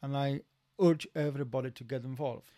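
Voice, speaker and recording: A man from Poland, speaking English as an in a casual interview, halting, repeating words and using broken grammar. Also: mid-range voice, fairly even intonation, dark tone. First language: Polish. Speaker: guest.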